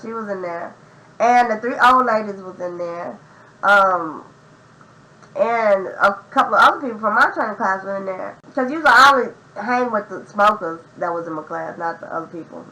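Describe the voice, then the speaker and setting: High, bright-voiced woman telling a story. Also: poor audio. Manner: animated, profane, slangy storytelling. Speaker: vlogger. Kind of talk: storytime vlog.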